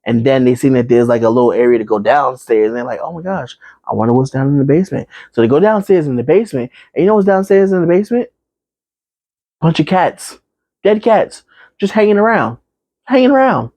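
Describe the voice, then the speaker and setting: His voice sits on the high side with lively intonation and a darkish tone, and there's no echo. He chats his way through a horror movie summary, rambling with fillers and tangents and briefly voicing the characters.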